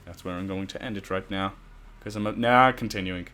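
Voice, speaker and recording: A man's voice: deep voice, a little fast, bright, forceful tone, slight background noise. A man casually reading a fan story aloud, stumbling over words and breaking off into profane, self-mocking asides. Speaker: fan fiction reader.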